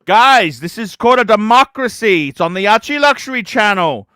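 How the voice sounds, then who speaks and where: A man hosting a livestream, ranting profanely and breaking into shouts. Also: sits high, lively intonation, normal speed, clean tone, dry recording, clean studio sound. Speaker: livestream host.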